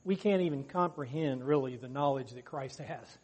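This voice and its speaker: A man leads a Bible study discussion, speaking earnestly and raising his voice to act out quoted lines. His medium-pitched voice is husky and darkish in tone, at a moderate pace.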